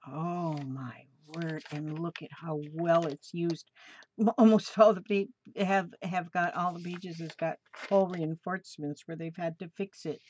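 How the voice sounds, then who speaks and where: Speaking a little slowly in a lowish, somewhat mellow voice, a crafting vlogger enthuses over presents she received in the mail. The clip is a casual package show-and-tell recorded at home, slightly dull with faint noise.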